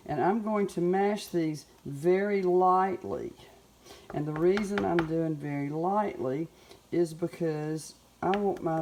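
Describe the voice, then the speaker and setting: A woman's voice: low-pitched, vocal fry, background noise. A middle-aged woman with a Southern US accent, chatting folksily in her home kitchen as she cooks. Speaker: home cook. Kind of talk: casual cooking demonstration.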